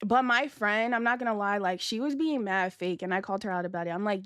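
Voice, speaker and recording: A woman's voice: mid-range voice, fast, hardly any pauses, fairly bright tone, clean tone, dry recording. Slangy young woman streamer, dry close sound. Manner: slangy, profane, laughing as she tells the story. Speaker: livestreamer. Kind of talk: casual storytime chat with viewers.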